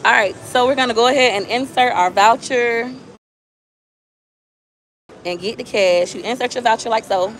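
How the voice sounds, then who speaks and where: Excitable woman cheering at a casino. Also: a little high, moderate pace, long pauses, a little hiss or hum. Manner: cheers the machine on, chatty with viewers. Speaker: casino gambling vlogger. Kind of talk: live gambling stream. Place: casino floor.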